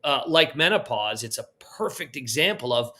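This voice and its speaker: A man's voice: mid-range voice, expressive, normal speed, pushed and bright. A man, a restaurant founder on a live panel, speaking in a conversational, reflective way.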